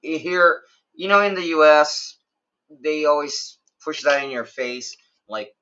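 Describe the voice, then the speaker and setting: A man's voice: fairly high pitch, a little slow, sharp tone, dull audio. An American man co-hosting a casual livestream chat, making his point emphatically and restarting his sentences as he argues. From United States. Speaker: co-host.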